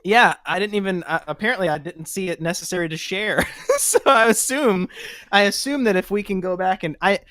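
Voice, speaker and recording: A man's voice: high voice, a little fast, sharp tone, no echo, studio quality. Laughing young man on a podcast. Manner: laughing, self-deprecating, rambling. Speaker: podcast co-host. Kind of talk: casual podcast chat.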